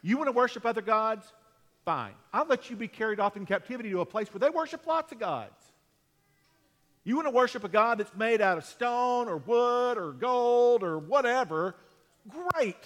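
A preacher voicing a stern, mocking God. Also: male voice, very high voice, expressive, moderate pace, a bit bright, in a large hall. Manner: mocking, emphatic. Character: God scolding his people, male deity, stern.

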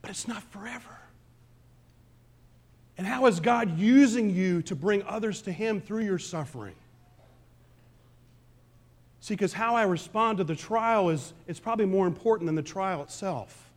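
A pastor preaching a conversational sermon, swinging between loud emphasis and quiet asides. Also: male voice, sits high, lively intonation, moderate pace. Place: church sanctuary.

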